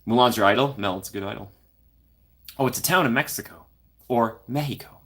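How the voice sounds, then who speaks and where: A man's voice: mid-range voice, a little fast, a bit bright. A young man hosting a casual livestream, playfully reading and answering viewer comments and laughing often. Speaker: livestream host.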